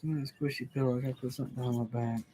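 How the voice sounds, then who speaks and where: A man making relaxed side remarks during a home livestream. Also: mid-range voice, racing, a little hiss or hum. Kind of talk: casual chat.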